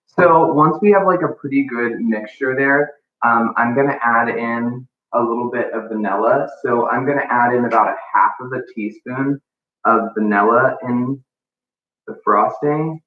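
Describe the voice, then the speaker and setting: A man talks through a baking demo in a relaxed, rambling way, filling pauses with ums and likes. He is some way off the mic in an echoey room, and the sound is thin and phone-like. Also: medium pitch, recorded from a distance. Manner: casual, chatty, many ums and likes. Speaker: baking instructor. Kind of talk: live cooking demonstration.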